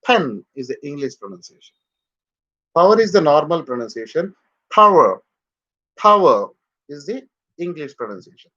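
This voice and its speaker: A man teaching English pronunciation in a live online lesson, drilling words slowly for students to repeat. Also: a little high, sing-song, highs cut off.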